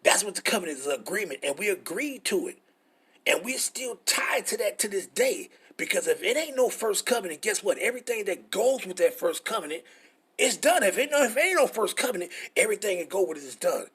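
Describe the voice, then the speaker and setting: Middle-aged guy preaching scripture, cussing and repeating himself, husky and high. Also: big pitch swings, brisk, fairly bright tone. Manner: frustrated, profane, repetitive preaching. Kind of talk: informal scripture teaching.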